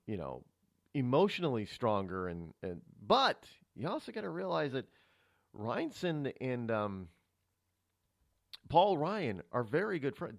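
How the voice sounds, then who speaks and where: A man's voice: medium pitch, dry recording. A man hosting a political talk radio show, musing aloud and rambling with many restarts, from a studio microphone.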